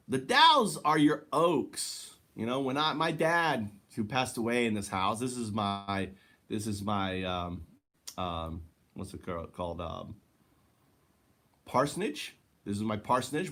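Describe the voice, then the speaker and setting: His voice is lowish with a bit of brightness as he rambles through a casual home vlog. The man laughs frequently and tacks "right?" onto his sentences, all captured indoors on a handheld camera.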